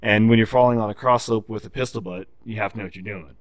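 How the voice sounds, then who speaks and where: A man's voice: lowish voice, steady tone, quick pace, no echo. A man in casual podcast chat, telling a profane story and explaining tree felling in technical detail. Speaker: podcast guest.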